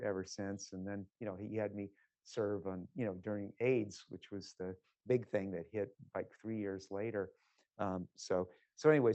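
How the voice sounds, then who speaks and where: An older man, a physician, giving a lecture full of personal anecdotes in a conversational, rambling way with many filler pauses. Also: fairly low pitch, a little mellow, no echo, highs cut off.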